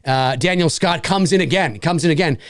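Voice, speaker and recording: A man's voice: fairly high pitch, a little fast, dry recording, studio quality. A man hosting a livestream, reading out donations and thanking backers, with lots of swearing and stumbling restarts. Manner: swings between shouting and mumbling, swears a lot. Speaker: livestream host. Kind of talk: excited live donation readout.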